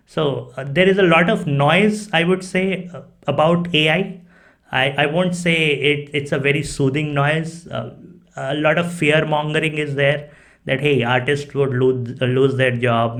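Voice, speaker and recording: A man's voice: mid-range voice, a bit bright. Man, podcast host, gushing and chatty. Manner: effusive, repeats "right?" and "cool". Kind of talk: casual interview.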